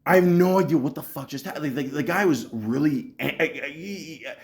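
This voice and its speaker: A man's voice: fairly high pitch, normal speed. A man telling a story on his podcast in a casual, profane rant, full of stammered restarts and acted-out dialogue. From Canada. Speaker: podcast host.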